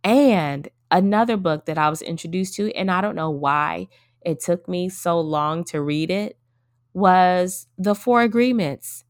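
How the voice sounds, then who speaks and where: A woman's voice: fairly low pitch, unhurried, no echo, clean studio sound. A woman in her thirties hosting a casual solo podcast, talking to her listeners in an earnest, reflective way. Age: 30s. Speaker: podcast host.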